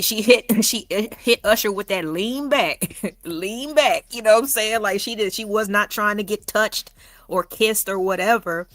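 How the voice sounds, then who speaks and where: A woman hosting a casual online talk stream in a relaxed, unhurried manner. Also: medium pitch, dry recording. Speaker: host. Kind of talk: casual chat.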